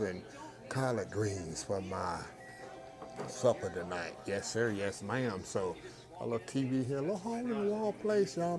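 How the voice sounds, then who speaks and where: A man, a food vlogger hosting, chatting casually to viewers and calling them y'all. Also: fairly low pitch. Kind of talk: casual vlog chat to viewers. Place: car in the rain, then small diner. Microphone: lapel mic. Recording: noisy road and diner background.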